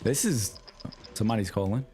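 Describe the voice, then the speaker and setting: A man with a New York accent chatting casually to his livestream chat while gaming, relaxed and slangy. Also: on the low side, fairly quick, faint music behind. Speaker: streamer.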